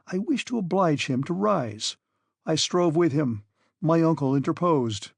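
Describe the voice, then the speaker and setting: Husky male audiobook narrator. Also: fairly high pitch, expressive, measured pace, no room sound. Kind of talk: scripted narration.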